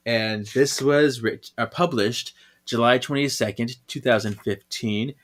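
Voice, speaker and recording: A man co-hosting a podcast, chatting casually as he recaps a comic and acts out the characters' lines. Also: slow pace. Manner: animated, acts out characters' lines with big jumps in pitch. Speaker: podcast co-host.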